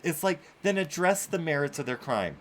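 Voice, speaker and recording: A man's voice: fairly high pitch, sing-song, normal speed, fairly bright tone, slight background noise. Ranting, profane male host. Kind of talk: live-streamed rant commentary.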